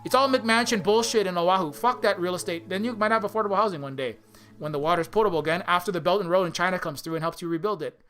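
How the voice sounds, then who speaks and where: An indie game developer from Hawaii fires off an angry, sarcastic rant packed with swearing in a casual vlog. His voice sits high with a fairly bright tone, and he talks fast.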